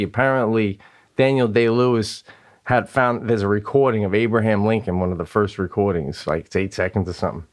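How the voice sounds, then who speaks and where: A man co-hosting a comedy podcast, telling stories in an excitable, animated way and laughing often. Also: fairly low pitch. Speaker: podcast co-host. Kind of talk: casual comedic chat.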